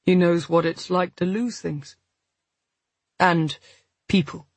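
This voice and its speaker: Woman doing a laid back guy in an audiobook, slow and kinda breathy. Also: lowish voice, fairly even intonation, no echo, exaggerated voice. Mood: thoughtful. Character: easygoing male photographer, old friend.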